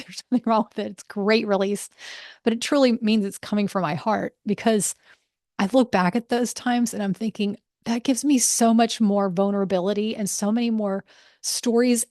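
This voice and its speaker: A woman's voice: medium pitch, a little mellow, no echo, studio quality. A woman hosting a motivational podcast as a breath work coach, talking in an earnest, encouraging and candid way, casual with fillers.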